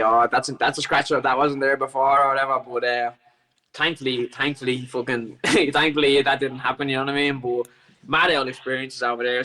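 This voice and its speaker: A man's voice: medium pitch, pushed and bright, poor audio. An Irish man on a podcast as a guest, telling a long story in casual chat, rambling with plenty of swearing and restarts.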